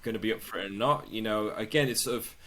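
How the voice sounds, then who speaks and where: A man, a travel video maker, chatting casually as a podcast guest, relaxed and swearing freely. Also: fast. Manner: relaxed, swears casually, acts out quoted people in higher voices. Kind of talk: casual interview chat.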